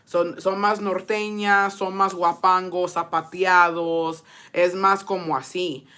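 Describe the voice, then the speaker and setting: Bright-voiced Texan woman telling stories. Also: fairly low pitch, level tone, clean tone. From Texas. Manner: profane, switches into Spanish, quick laughs. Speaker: streamer. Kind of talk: casual storytelling to a live chat.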